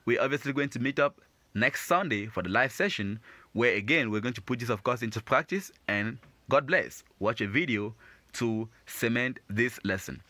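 A man gives a beginners' language lesson, patiently repeating each phrase and explaining it step by step. His voice is bright and mid-pitched. The recording is dry and close, with no room sound. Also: expressive, moderate pace, dry recording. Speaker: French teacher.

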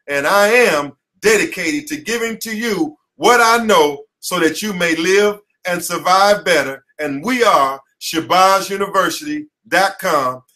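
A man's voice: high-pitched, sharp tone. An American man, an attorney, giving an impassioned lecture at his headquarters, preachy and emphatic, repeating slogans. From United States. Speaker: attorney teaching a class. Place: his office headquarters, indoors.

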